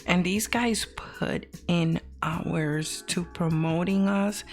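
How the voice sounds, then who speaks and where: Woman co-host, unhurried, effusive, frequent laughter, lowish pitch, faint music bed. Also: fairly even intonation. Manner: gushing, laughs often, keeps saying oh my God. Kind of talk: casual live-stream chat.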